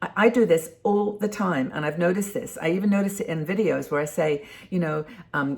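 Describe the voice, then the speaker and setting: A woman in her sixties talks to camera in a loose, conversational way, circling back with ums and restarts. Her voice sits low, with a gravelly fry running through her words. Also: quick pace, hardly any pauses. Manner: warm conversational, rambling with many ums and restarts. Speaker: host of a community for older women. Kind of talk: casual talking-to-camera advice.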